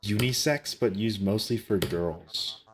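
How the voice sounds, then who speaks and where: A man's voice: lowish voice, slow pace, over music. Young man answering chat while gaming. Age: young adult. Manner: defensive, joking replies to chat. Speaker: streamer. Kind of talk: casual live-stream chat.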